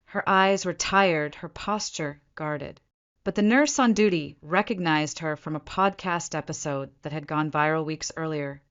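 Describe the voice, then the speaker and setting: Low-voiced woman narrating a drama story. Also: fairly bright tone, smooth, highs cut off. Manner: measured, dramatic pauses in short phrases. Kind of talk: scripted first-person story narration.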